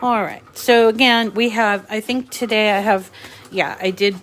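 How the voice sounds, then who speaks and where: Speaking at a moderate pace, the New England-accented crafting channel host has a medium-pitched, fairly bright voice and a steady tone. During her live craft tutorial she chats with viewers and reads out what they comment.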